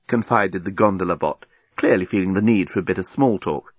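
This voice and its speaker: A man narrating a comic science-fiction story as an audiobook reader, in a dry, even storytelling manner. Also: low-pitched, a little fast, few pauses, no echo. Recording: dull lo-fi recording.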